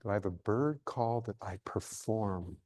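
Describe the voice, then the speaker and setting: A man's voice: on the low side, unhurried, a little mellow. A middle-aged man giving a live lecture on nature as a naturalist, playful and theatrical, joking with his audience.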